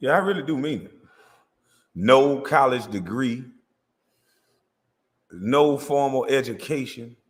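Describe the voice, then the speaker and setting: Boastful, lively man ranting with echo. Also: mid-range voice, slow, long pauses. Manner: boastful, profane, laughing often. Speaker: livestream host. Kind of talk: comedic livestream rant.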